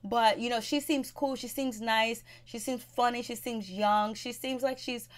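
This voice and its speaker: A woman's voice: on the high side, fairly even intonation, a little slow. A woman recapping a reality TV episode in a chatty, gossipy way, with blunt advice to viewers. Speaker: TV show recap host. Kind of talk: casual recap commentary.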